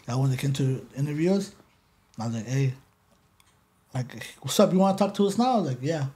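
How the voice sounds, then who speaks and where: An animated, profane podcast guest from the Los Angeles area tells casual stories in an interview, switching between English and Spanish. His voice is mid-range and fairly quick.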